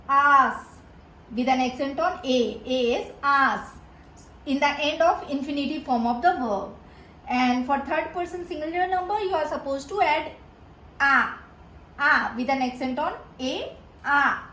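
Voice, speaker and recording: A Spanish tutor whose first language is Hindi gives a slow, repetitive grammar lesson, saying each word several times amid many fillers and restarts. Her voice is high and a bit bright, heard in an echoey room with faint background noise.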